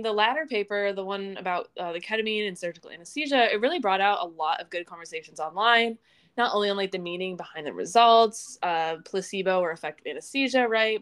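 A young woman with a Midwestern accent, co-hosting a science podcast in relaxed, self-amused casual talk. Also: mid-range voice, clear, resonant tone. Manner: relaxed, laughs at herself, fillers. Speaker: podcast co-host. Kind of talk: casual chat, reading show updates.

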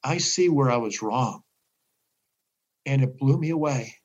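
An older man talking with an easy, mid-range voice, telling stories as a guest in a casual interview. He grows lively as he goes and slips into the voices of the people he quotes, pitching them up and leaning into their words. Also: a little slow, highs cut off. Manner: animated storyteller, acts out quoted voices.

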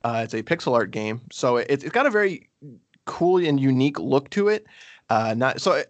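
A man co-hosts a relaxed game review conversation. He rambles, fills pauses with ums and restarts his sentences often. The sound is dry, with little room around his voice. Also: medium pitch, no room sound, lo-fi sound. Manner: rambling, many fillers and restarts. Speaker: podcast co-host. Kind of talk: casual game review chat.

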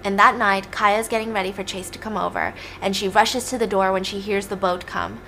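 A woman's voice: medium pitch, fairly even intonation, brisk, a bit bright, a little hiss or hum. A young woman casually recapping a film plot, chatty and sarcastic, swearing freely.

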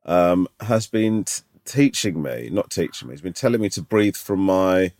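Male co-host, lowish voice, deadpan and sarcastic, casual banter. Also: normal speed. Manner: dry, teasing, sarcastic. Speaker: podcast co-host. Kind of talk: casual comedic chat.

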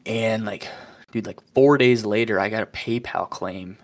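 A man's voice: fairly low pitch, measured pace. A young man hosting a podcast, telling stories in a laid-back way, full of "dude" and "like". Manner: laid-back storyteller, says "dude" and "like" a lot. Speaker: podcast host. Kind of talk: casual chat.

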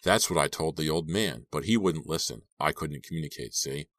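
A man reading an audiobook aloud and voicing a menacing, unstable young man in a low, quiet, eerily calm voice. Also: normal speed, no echo, exaggerated voice.

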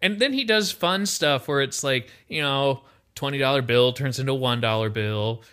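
A man's voice: mid-range voice, moderate pace, clear, resonant tone. A young man co-hosting a casual podcast chat, telling stories animatedly and acting out what people said. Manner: animated storyteller, acts out quotes. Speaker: podcast co-host.

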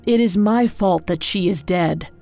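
A woman's voice: medium pitch, measured pace, creaky, mellow, soft background music. A woman voicing a grief-stricken king of knightly legend in a storybook reading, speaking in solemn, formal words. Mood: grieving.

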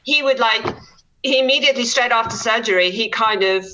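A woman's voice: fairly high pitch, a little fast, bright, forceful tone, muffled recording, a little hiss or hum. A middle-aged woman from South Africa with a South African accent touched by British, speaking candidly as an interview guest, laughing easily and trailing off mid-sentence. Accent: South African with some British. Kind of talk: conversational interview.

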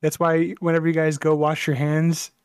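A man's voice: on the high side, completely flat delivery, moderate pace, clean tone, no room sound. A man co-hosting a casual podcast, dropping teasing jokes and trivia into the banter. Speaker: podcast co-host. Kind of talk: casual chat.

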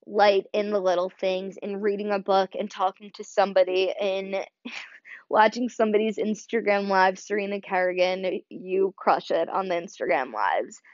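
A young adult woman hosts a heartfelt solo podcast monologue, choked up and close to tears. She speaks earnestly at a medium pitch, rambling with plenty of "like" and "you know." The recording is dry, with no echo and a slightly dull lo-fi sound.

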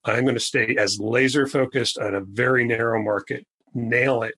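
Male podcast guest, surgeon, husky tone, emphatic and repetitive with key phrases. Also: medium pitch, fairly even intonation, a bit bright, rough recording. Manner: emphatic, repeats catchphrases slowly for stress. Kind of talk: conversational podcast interview.

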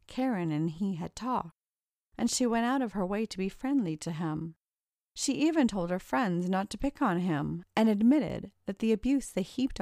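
A woman narrating a story in a steady, measured way. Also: mid-range voice, no echo, clean studio sound. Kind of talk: audiobook narration.

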